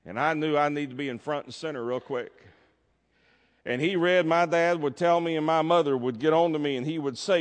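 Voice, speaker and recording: A man's voice: on the high side, a little fast. A man preaching a sermon as pastor, emphatic, drawing out his key words. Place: church sanctuary. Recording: long reverb of a church hall.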